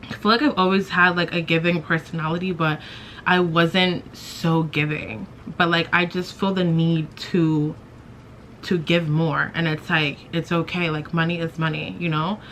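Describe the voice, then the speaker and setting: A woman's voice: low voice, level tone, a little slow, a bit bright, a little hiss or hum. A young woman vlogger telling a personal story to camera in a chatty, self-mocking way, full of "like". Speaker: beauty vlogger.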